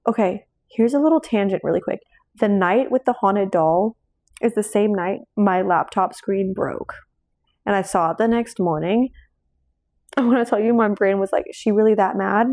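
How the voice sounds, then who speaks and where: A woman's voice: mid-range voice, normal speed, darkish tone. A woman hosting her own casual chat show from home at night, rambling through tangents and laughing often. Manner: rambling, jumping between tangents with frequent laughs. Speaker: host.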